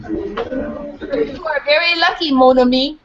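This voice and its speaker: A woman's voice: high-pitched, slow, a crowd in the background, voice pushed up. A woman voicing a small, round male French bulldog with a French accent and a pushed-in nose, slipping French words into his speech. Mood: fond. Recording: dull muffled recording with faint hiss.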